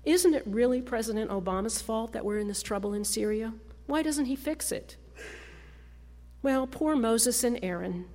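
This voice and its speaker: A woman pastor delivering a sermon in a measured, storytelling way. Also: on the high side, animated, darkish tone. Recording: long reverb of a large church hall.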